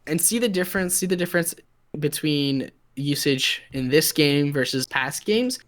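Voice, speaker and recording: A young man casting a mobile esports match live, chatty and relaxed, greeting viewers in the chat. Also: on the high side, moderate pace. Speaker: esports caster.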